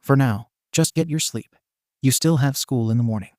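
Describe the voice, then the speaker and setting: Brief: caring storybook mom, read by a man, soft and soothing, dry close sound. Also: medium pitch, normal speed, no room sound, natural voice. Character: gentle caring adoptive mother.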